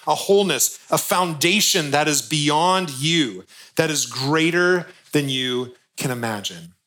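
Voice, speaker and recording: A man preaching to his congregation in an earnest, conversational way, slipping in light jokes. His voice sits a little high and sounds bright and forceful. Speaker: pastor. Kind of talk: sermon.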